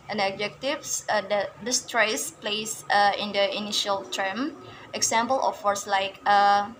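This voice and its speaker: A young woman student, slowly presenting a class video on word stress, with many fillers and self-corrections. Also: mid-range voice, background noise. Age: young adult. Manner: reads word lists aloud, stressing each word.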